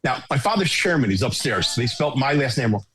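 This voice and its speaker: A middle-aged man, a home shopping executive, telling lively anecdotes as a podcast guest. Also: mid-range voice, a little fast. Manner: animated anecdote teller, quotes others. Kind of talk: casual storytelling.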